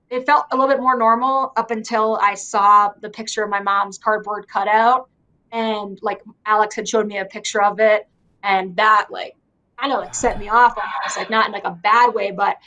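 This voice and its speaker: Young woman guest on a talk show, soft, says like and you know a lot, mid-pitched voice. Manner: soft-spoken, heavy use of fillers like "like" and "you know". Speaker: guest wrestler. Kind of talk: emotional interview conversation.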